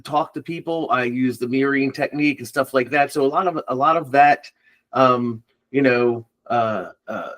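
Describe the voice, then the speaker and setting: A man's voice: mid-range voice, moderate pace, fairly bright tone. A man who works as a recruiter, a guest on a casual podcast interview, answering in a rambling, hesitant way with many fillers.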